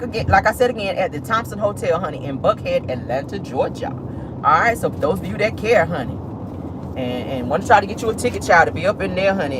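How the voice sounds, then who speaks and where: Lady spilling tea in her car, real sassy, voice all over the place, little traffic noise. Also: fairly low pitch. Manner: sassy, calls listeners honey and child. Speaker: celebrity gossip vlogger. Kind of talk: casual gossip commentary. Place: inside a car.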